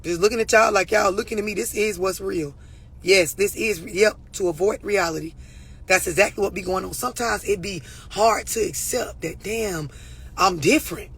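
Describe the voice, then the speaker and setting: Woman coach, forceful husky voice, blunt and profane, lecturing viewers. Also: mid-range voice, moderate pace. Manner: blunt, profane, preachy, addressing viewers directly. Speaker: relationship and mental health coach. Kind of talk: unscripted talk to camera.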